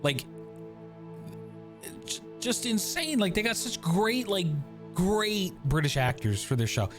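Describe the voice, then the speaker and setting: Male streamer, slightly high voice, rambling sweary chat over a game, faint music underneath. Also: big pitch swings, takes it slowly, fairly bright tone. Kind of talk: casual gaming commentary.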